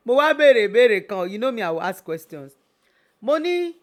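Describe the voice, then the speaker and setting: A woman's voice: a little high, sing-song, quick pace. Emphatic Nigerian woman giving advice. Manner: emphatic, switching between English and Yoruba, preachy. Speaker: radio talk show host and family therapist. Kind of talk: motivational talk on relationships.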